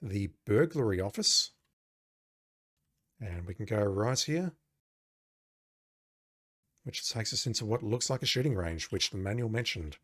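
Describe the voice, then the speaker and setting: A man's voice: on the low side, lively intonation, unhurried, long pauses, fairly bright tone. A man playing an old adventure game, reading its text aloud and adding wry, joking asides. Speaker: game commentator.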